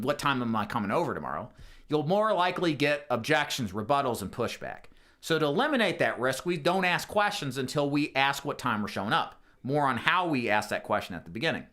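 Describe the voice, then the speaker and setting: Lively, bright-voiced sales trainer. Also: male voice, fairly high pitch. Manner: explains a phone script, acting out sample lines.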